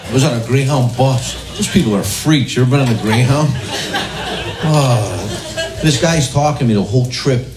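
A man's voice: mid-range voice, moderate pace, background noise. A man doing a stand-up comedy set in a club, talking conversationally and asking the crowd questions. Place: comedy club with a laughing audience. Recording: echoey live club recording with loud crowd.

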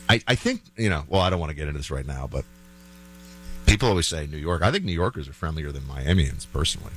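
A man's voice: low-pitched, a bit bright. A man hosting a talk show, giving chatty, opinionated commentary full of fillers and restarts.

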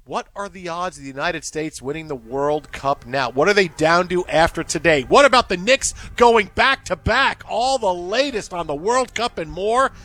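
A man hosting a sports radio show, telling stories in a quick, animated way. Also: high-pitched. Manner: animated storytelling, quick asides. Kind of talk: casual sports radio chat.

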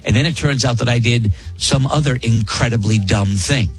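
A man's voice: medium pitch, moderate pace, faint music behind. A man hosting a radio show, chatting casually and joking as he reads listener emails. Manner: animated, joking, laughs often. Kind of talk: casual on-air banter reading listener emails.

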